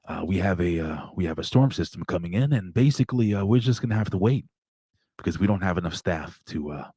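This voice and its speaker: A weary airline pilot, drawn from a casual story, grumbles his way through a cabin announcement, stalling on one hesitation after another. A man acts him out in a low voice, recorded dry and close. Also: animated, fast talker, mellow, slightly rough, no room sound. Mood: weary rambling. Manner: hesitant, full of uhs, weary complaining announcements. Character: frustrated, rambling male airline pilot.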